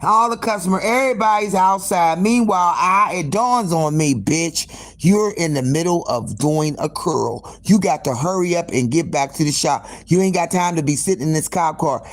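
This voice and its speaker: A woman's voice: normal speed, hardly any pauses. A woman who owns a hair salon, telling a long story in casual, profane speech with many asides to her listeners. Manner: animated and profane, with frequent swearing and direct asides to listeners; acts out dialogue, jumping up sharply in pitch for quoted lines. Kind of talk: casual storytelling on a live stream.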